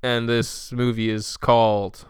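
Animated young man telling a story. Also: mid-range voice, slow, clean tone, no room sound, studio quality. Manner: animated storytelling, acting out characters' lines. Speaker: podcast co-host. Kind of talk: casual chat, pitching a made-up movie plot.

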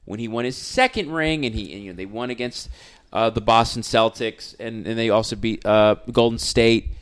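A man's voice: mid-range voice, smooth. A man telling stories in a casual sports chat, acting out what others said. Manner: animated storyteller, acts out quotes.

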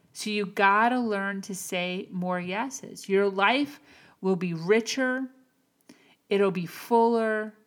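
Slow, earnest woman podcaster. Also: mid-range voice. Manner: earnest, encouraging, slow and emphatic. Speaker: podcast host. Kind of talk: motivational monologue.

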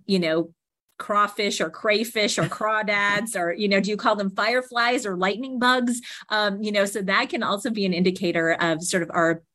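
A woman's voice: medium pitch, a bit bright. A woman, a guest expert, explaining her ideas at length in an interview. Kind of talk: interview answers.

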